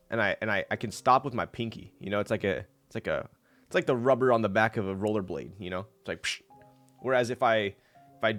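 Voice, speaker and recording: A man's voice: medium pitch, fairly bright tone. Laid-back, rambling young streamer guy. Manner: laid-back, rambling, laughs often, reads chat aloud. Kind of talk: casual live-stream chat.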